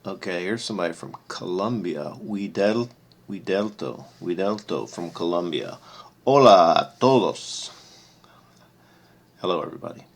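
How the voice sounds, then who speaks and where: A man hosting his electronics channel, casually reading out visitor messages and reacting with amused, brief remarks in a husky voice. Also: normal speed. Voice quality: gravelly, husky low voice. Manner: relaxed, amused, reads names aloud and reacts briefly.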